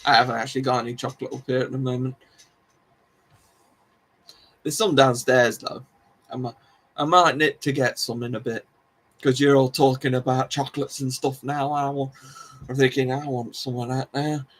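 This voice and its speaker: A man's voice: medium pitch, flat delivery, normal speed, pauses often, a bit bright. A man hosting a live stream, chatting casually with viewers in a rambling, self-deprecating way. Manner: rambling, self-deprecating, restarts and laughs often. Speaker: livestream host.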